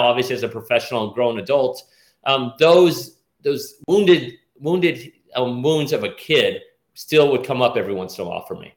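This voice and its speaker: Man, middle-aged, guest surgeon, halting speech, frequent restarts, echoey room. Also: mid-range voice. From Nashville, US South. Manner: halting, many restarts and fillers. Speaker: guest, orthopedic surgeon and task force chair. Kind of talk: interview conversation.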